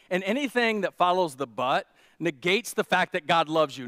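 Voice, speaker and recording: Pastor preaching in a dry, close sound. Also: male voice, high voice, fairly quick, a bit bright, no room sound. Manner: storytelling, many restarts and fillers, building to emphatic peaks. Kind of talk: conversational sermon. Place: church.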